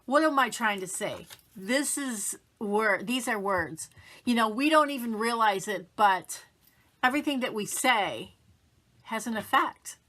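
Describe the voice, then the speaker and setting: A woman's voice: a little high, expressive, measured pace, sharp tone. A middle-aged woman giving a casual, upbeat motivational talk to camera, chatty and acting out the things people say to themselves. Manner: chatty, upbeat, acts out quoted self-talk. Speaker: motivational vlogger.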